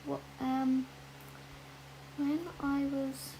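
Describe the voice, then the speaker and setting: A woman's voice: sits high, completely flat delivery, extremely slow, warm tone, slight background noise, rough recording. A woman chatting casually while colouring on a livestream, with lots of ums and asides to viewers reading their comments.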